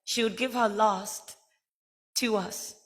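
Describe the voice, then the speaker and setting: A Guyanese woman with a medium-pitched, slightly bright voice speaks slowly and steadily. Receiving an honorary degree, she gives an earnest, heartfelt acceptance speech at a ceremony, telling stories with emphasis.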